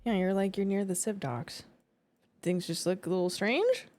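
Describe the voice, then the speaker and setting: A woman's voice: mid-range voice, moderate pace, darkish tone. A woman streaming a roleplay game, chatting casually and breaking into laughter between remarks. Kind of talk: casual livestream chat.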